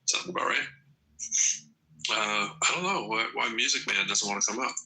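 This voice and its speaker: Bright-toned man hosting a live chat room. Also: lowish voice, moderate pace, roomy sound, far from the mic, low-quality recording. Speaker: live audio room host. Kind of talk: casual live-stream chat.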